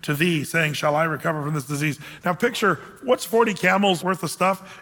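Animated high-voiced male preacher, echoing hall. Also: normal speed. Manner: animated, jokey asides, acts out quoted voices. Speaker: pastor. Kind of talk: sermon with scripture reading.

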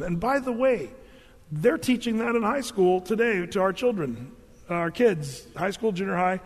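A man's voice: high voice, lively intonation, normal speed, slightly rough. A middle-aged man, a pastor, teaching a Bible passage verse by verse in a conversational, emphatic way, often restarting his words. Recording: long hall reverb.

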